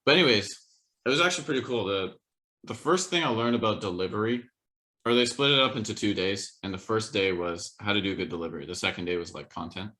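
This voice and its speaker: A young man with a fairly low voice and a bright, forceful edge chats on a podcast. He rambles and hesitates, filling pauses with "um" and "like". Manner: rambling, hesitant, lots of fillers. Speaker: podcast co-host. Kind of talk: casual chat.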